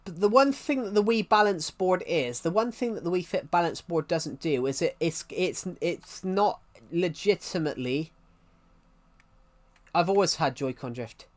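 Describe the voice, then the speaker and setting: A man's voice: sits high, animated, moderate pace. An English-accented man talks on a live stream in a loose, wandering way. He trips over his own sentences and starts them again as he chats to the viewers. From England. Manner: rambling, many restarts, chatting to viewers. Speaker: livestreamer. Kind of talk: casual live stream chat.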